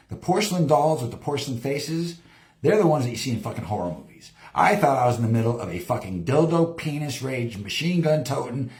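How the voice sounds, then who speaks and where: Swearing live-stream host in an echoey room. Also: male voice, medium pitch. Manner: heavy swearing, lively storytelling, acts out quotes. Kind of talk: profane rambling live-stream monologue. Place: home studio. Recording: roomy echo.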